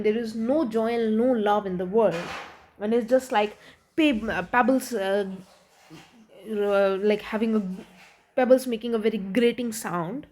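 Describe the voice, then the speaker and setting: Higher-pitched woman explaining a poem. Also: slight background noise. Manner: reads quoted lines, then paraphrases them with restarts and fillers. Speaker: literature teacher.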